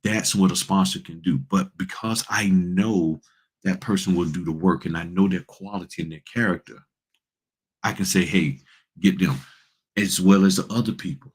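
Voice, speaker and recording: A man from Virginia hosting a casual livestream as a notary business coach, talking in an animated, slangy, preachy way and speaking straight to his chat. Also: deep voice, moderate pace, husky. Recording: livestream from home studio.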